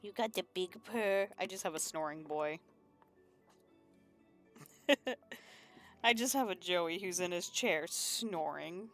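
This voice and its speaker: A woman's voice: lowish voice, slow, long pauses, a bit bright, soft background music. A woman streaming from her room at home, chatting casually and rambling while she works on comics, laughing often and swearing now and then. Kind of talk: casual chat while drawing.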